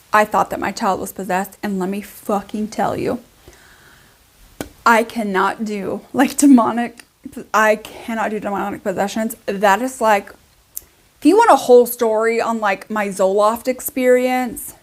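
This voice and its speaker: A young woman, a beauty vlogger, telling a story in a chatty, animated way while doing her makeup. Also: medium pitch, slight background noise.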